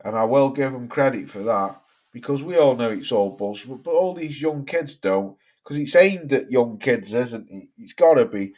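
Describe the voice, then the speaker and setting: A man's voice: medium pitch, lively intonation, normal speed, a little mellow. A middle-aged man hosting a boxing livestream, ranting casually and swearing with exasperation as he reads out viewer comments. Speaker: boxing channel host.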